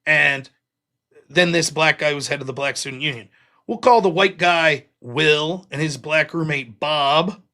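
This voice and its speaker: With a slightly high voice and a sharp tone, a man takes his time telling a long, rambling anecdote on his live stream. The talk is casual and profane, with plenty of fillers.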